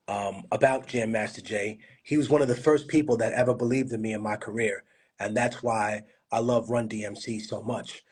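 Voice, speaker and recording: Husky man talking loosely over a phone. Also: medium pitch. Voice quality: slurred at times from a bad connection. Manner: loose, profane storytelling. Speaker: livestream host. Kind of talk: casual livestream talk. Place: home studio.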